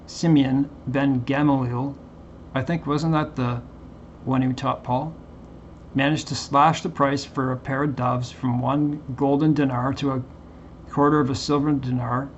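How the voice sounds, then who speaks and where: Man, mid pitch, flat and halting, reads aloud and comments; muffled lo-fi recording with light hiss. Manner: halting, reads haltingly with many fillers and restarts. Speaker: Bible commentary vlogger. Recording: dull lo-fi recording with faint background hiss.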